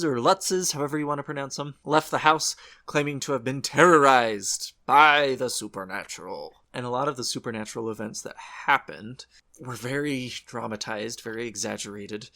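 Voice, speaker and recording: A man's voice: mid-range voice, bright, forceful tone. A man co-hosting a horror podcast, chatting casually and rambling, correcting his own slips. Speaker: podcast co-host.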